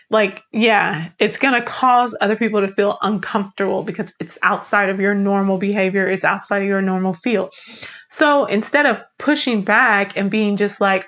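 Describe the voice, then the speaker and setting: A woman tarot reader talking casually to her viewers, chatty and encouraging, with a lot of "like" as she walks through the cards. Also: medium pitch. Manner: chatty, encouraging, uses "like" often. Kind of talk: casual tarot reading to camera.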